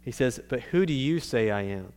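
A man's voice: medium pitch, animated, normal speed, darkish tone. A male pastor preaching a sermon in a conversational way, checking in with his listeners and restarting his phrases.

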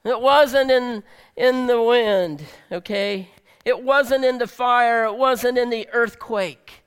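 Guy preaching a sermon, high clear voice, goes big then drops real soft, echoey hall. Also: slow pace. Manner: dramatic, swings between loud emphasis and soft near-whispers. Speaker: pastor.

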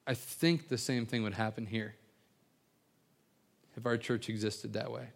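A man preaching an evening sermon. He tells stories in an earnest way, often stumbling and repeating words before finishing a thought. His voice sits at an ordinary middle pitch. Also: fairly even intonation, unhurried, creaky. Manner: earnest storytelling with many repeated words and restarts. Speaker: pastor.

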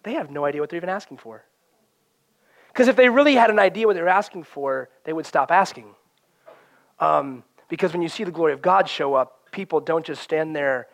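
A man's voice: fairly high pitch, a bit bright, no echo. A man preaching a sermon in an earnest, conversational way, often acting out quoted voices and prayers.

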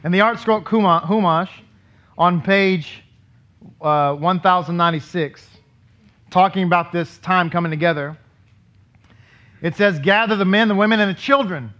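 In a synagogue sanctuary, a rabbi with a high, bright voice and forceful tone gives a conversational sermon, asking his congregation questions. The recording is dull and lo-fi.

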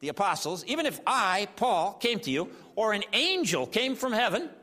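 A man's voice: high voice, very animated, normal speed, sharp tone, exaggerated voice. A man reading out the lines of an urgent, indignant apostle in raised, emphatic declamation. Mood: stern. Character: urgent indignant male apostle writing a letter. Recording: long hall reverb.

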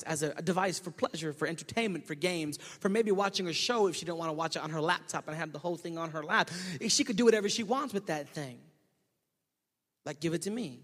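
A male pastor preaching a sermon, telling a story and swinging from shouting to hushed tones. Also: fairly high pitch. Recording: echoey hall.

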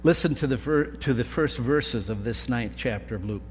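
A man preaching a sermon, with slow, deliberate delivery and emphatic pauses. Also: medium pitch, faint music behind. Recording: long reverb of a large hall, faint hum.

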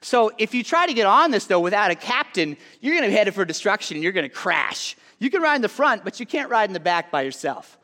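A man giving a casual sermon to a live audience. He chats in an animated way with lots of "like" asides, then drops to a soft, hushed tone for earnest appeals. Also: sits high, fast talker, hardly any pauses. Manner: chatty and animated, full of "like" asides. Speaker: youth speaker. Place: large hall with a live audience. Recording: long hall reverb.

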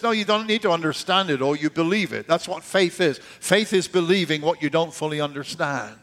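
A man preaching a sermon in a conversational way, dropping his voice low and soft to stress key points. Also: fairly quick, few pauses. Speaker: pastor.

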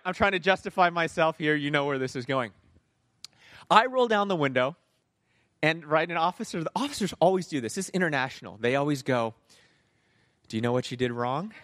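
A man preaching as a pastor, telling a personal story in a lively sermon and asking his listeners "right?". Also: a little high, no echo, studio quality. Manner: storytelling, animated, asks the audience "right?".

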